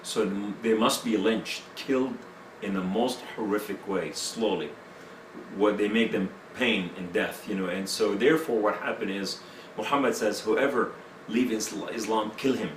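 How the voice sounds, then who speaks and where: A man's voice: lowish voice, normal speed, slight background noise. A man giving his personal testimony in an interview, speaking broken English with many fillers. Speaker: interview guest. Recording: echoey room, mic at a distance.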